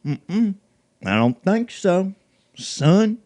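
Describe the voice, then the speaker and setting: A man's voice: high voice, sing-song, extremely slow, exaggerated voice. A man playing a crude, bigoted redneck who taunts and rants with constant profanity in a comedy sketch. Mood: taunting. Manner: profane, taunting, loud ranting. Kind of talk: comedy sketch role-play.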